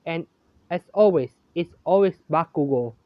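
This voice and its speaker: A storyteller reads a homemade fan story aloud haltingly, restarting often and correcting himself or herself as they go. The mid-range voice is expressive, and the recording is dull, lo-fi and dry with no echo.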